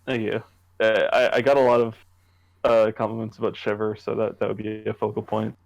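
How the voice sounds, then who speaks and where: A young man from Canada, co-hosting a podcast, chatting casually about his writing in a halting way with many restarts. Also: lowish voice, level tone, creaky, dull audio. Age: young adult. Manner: halting, restarts often, laughs easily. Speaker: podcast co-host, horror writer. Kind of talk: casual chat.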